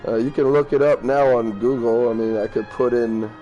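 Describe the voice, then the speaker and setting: A let's play gamer with a steady, mellow, medium-pitched voice talks casually at normal speed about the game he's playing, reading its lines aloud, rambling, swearing, and tripping over hard words. The highs are cut off, and soft music plays behind him.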